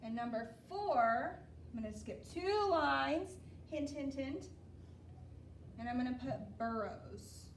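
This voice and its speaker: A woman teaching children a phonics lesson, patient and steady, checking in often with "okay?". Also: fairly high pitch, measured pace, reverberant, far from the mic, slight background noise.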